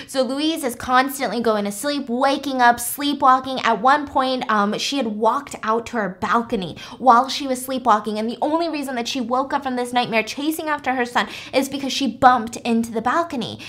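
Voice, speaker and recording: A young woman hosting a podcast, recapping a story in a chatty, animated way full of "like". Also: on the high side. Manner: chatty, animated, heavy use of fillers like "like". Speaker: podcast host.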